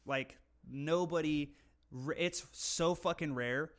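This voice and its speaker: A man's voice: a little high, slow pace. A man from California co-hosting a casual podcast, rambling and swearing freely as he jokes about accents. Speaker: podcast co-host. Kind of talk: casual profane chat.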